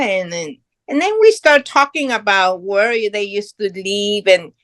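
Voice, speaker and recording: Middle-aged woman, unhurried earnest storytelling, dry close sound. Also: mid-range voice, lively intonation, fairly bright tone, no room sound. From Guatemala. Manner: earnest, proud, non-native English phrasing. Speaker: guest. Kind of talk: casual conversational storytelling.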